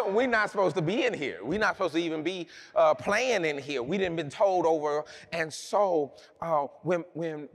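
A man delivers a sermon built around a personal story. He talks in a loose, chatty way and often stops to restart a sentence. His speaking voice sits at an ordinary male pitch. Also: slightly rough. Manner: conversational, humorous storytelling with many restarts. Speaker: preacher.

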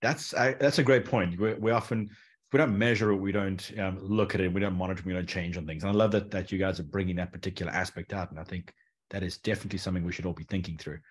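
A man's voice: low voice, fairly even intonation, quick pace, husky. A man moderating a panel discussion, friendly, with frequent restarts.

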